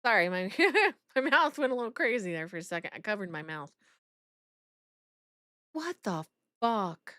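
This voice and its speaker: A woman's voice: mid-range voice, sing-song, quick pace, hardly any pauses, bright, forceful tone, dry recording, clean studio sound. A woman streaming live, reacting aloud with lots of exclaiming and swearing and talking to her chat.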